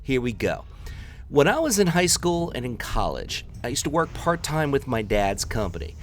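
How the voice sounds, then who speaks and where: A man's voice: mid-range voice, very animated, moderate pace, soft background music. A man in his thirties from the New York area, casually telling a story and talking viewers through his gameplay in a chatty, rambling, teasing way. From New York area, United States. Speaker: gameplay commentator.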